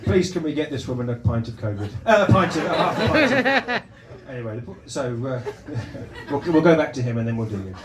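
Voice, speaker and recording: Brisk and a little high, with big swings in pitch, a male comedian teases his live club audience in rambling bits full of stammering restarts. The recording is echoey and noisy, with the mic set at a distance.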